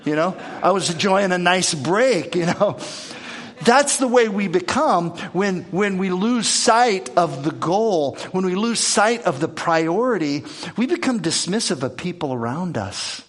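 A man's voice: high-pitched, expressive, a little slow. A man preaching a conversational sermon, earnest, repeating words and acting out the lines he quotes. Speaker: pastor.

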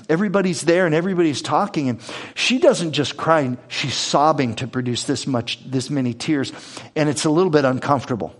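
A man preaching a sermon, retelling a story with lively emphasis and frequent filler words. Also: on the high side.

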